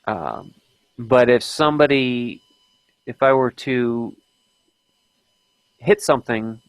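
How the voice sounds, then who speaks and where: A man's voice: medium pitch, slow, no room sound, low-quality recording. A man hosting an unplanned live stream, chatting casually and often stopping to restart his sentences.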